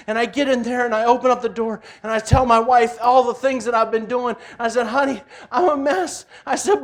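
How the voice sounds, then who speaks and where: A man in his forties giving a passionate personal testimony in church, swinging between loud cries and hushed tones. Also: very high voice.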